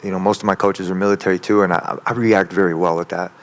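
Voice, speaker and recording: A man's voice: sits low, level tone, fast talker. A man, a professional fighter, answering interview questions in an intense, profane, rambling way. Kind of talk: media day interview answers.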